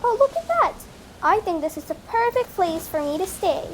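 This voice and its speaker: Barbie, a woman doing a very high doll voice. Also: big pitch swings, moderate pace, a little hiss or hum. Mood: chatty. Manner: chatty, talks to herself with little sighs. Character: chatty adult woman doll at the beach. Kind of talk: toy doll play voice acting.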